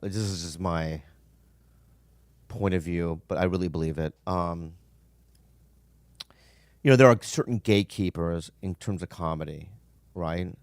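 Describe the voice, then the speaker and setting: A man's voice: sits low, measured pace, long pauses, a little mellow, no room sound. Passionate man on a dry studio mic. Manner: passionate, emphatic, profane. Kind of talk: casual podcast conversation.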